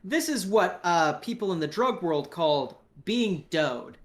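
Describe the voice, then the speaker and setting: Slow easygoing gm narrating the scene, lots of ums and uhs. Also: medium pitch, animated. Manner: hesitant, many fillers, loose and casual. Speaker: game master. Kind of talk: narrating a tabletop game.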